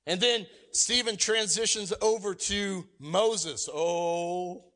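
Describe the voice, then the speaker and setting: A male pastor delivering a sermon with a high-pitched voice. His tone is bright and ringing. He talks energetically, acts out quoted lines, and moves between loud emphatic peaks and quiet asides. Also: animated, a little slow.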